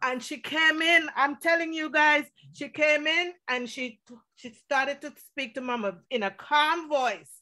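High bright-voiced woman from Montserrat. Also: unhurried. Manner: warm storytelling with laughter. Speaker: niece giving a tribute. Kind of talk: personal tribute at a memorial service.

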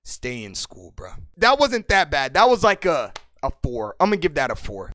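A young man streaming as he rates viewers' songs, swinging from hyped yelling to low mock-serious muttering. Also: huge pitch swings, moderate pace. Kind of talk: loud reaction commentary.

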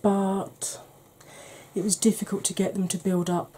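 A woman hosting a beauty channel, chatting casually and rambling softly while she declutters her makeup, with self-deprecating asides. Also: mid-range voice, flat delivery, a little slow, a little hiss or hum, low-quality recording. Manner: soft, quiet delivery.

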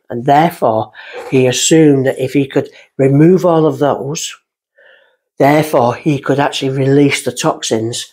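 Husky woman telling stories. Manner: rambling, goes off on tangents; lively, jumps up in pitch when excited. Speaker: guest medium. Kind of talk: casual storytelling.

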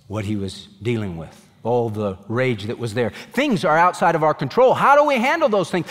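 A man's voice: on the high side, a bit bright, long reverb tail. A man preaching a sermon as pastor, earnest and emphatic, raising his voice in pleading questions.

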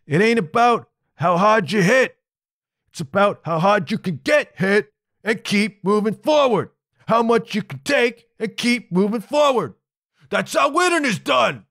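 A man putting on the voice of a gruff middle-aged boxer giving tough advice, in a raised, pushing tone. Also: high-pitched, expressive, measured pace, a bit bright, voice pushed up, heavily acted. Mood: fired up.

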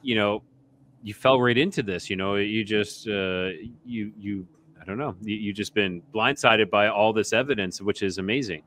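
A man's voice: lowish voice, moderate pace, a bit bright, slight background noise. A man hosting an interview, affirming his guest and searching for words with many fillers. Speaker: podcast host. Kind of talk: casual interview chat.

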